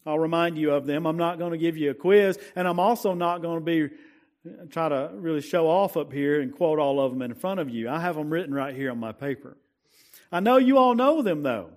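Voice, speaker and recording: A man preaching a sermon, asking the congregation questions and reading scripture with slow emphasis. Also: fairly high pitch, darkish tone.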